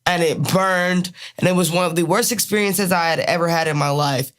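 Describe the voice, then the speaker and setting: A woman in her twenties with a Maryland accent, co-hosting a podcast in casual, profane, animated chat. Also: lowish voice, fairly quick. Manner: candid, profane, animated storytelling. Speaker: podcast co-host.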